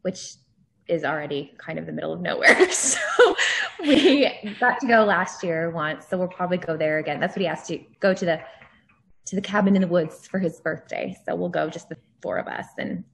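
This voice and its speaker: A woman's voice: on the low side, lively intonation, moderate pace, creaky, fairly bright tone, slight background noise. Self-mocking woman guest chatting casually. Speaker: guest, author. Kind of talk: casual chat.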